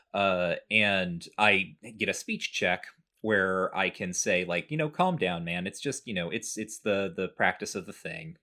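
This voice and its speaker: A man's voice: on the low side, moderate pace, hardly any pauses. A man casually recounting a video game playthrough to a co-host, briefly acting out the characters' lines. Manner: relaxed storytelling, acts out characters' lines. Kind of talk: casual chat.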